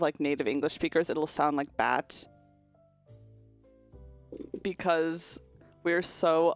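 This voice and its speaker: A young woman with a fairly low voice chats casually on a livestream, explaining pronunciation through hands-on demonstrations. She swears freely and keeps a loose, conversational flow. Faint music plays behind her. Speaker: virtual streamer. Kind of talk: casual chat stream about linguistics.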